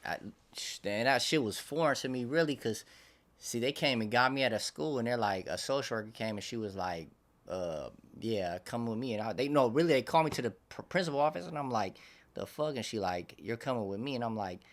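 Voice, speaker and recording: A young man speaking in a relaxed, rambling way, heavy on slang and filler phrases. His voice sits at a middle pitch for a man. He keeps circling back and restarting his sentences as he tells his story. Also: fairly quick. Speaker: interview guest. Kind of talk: casual storytelling interview.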